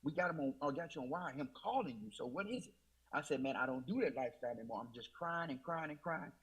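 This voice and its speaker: A man's voice: on the high side, animated, fast, fairly bright tone, husky, poor audio. A man telling his personal faith testimony in an emotional, repetitive storytelling way, often quoting himself with "I said.". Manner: emotional, repeats "I said", Southern US Black church speech. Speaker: guest.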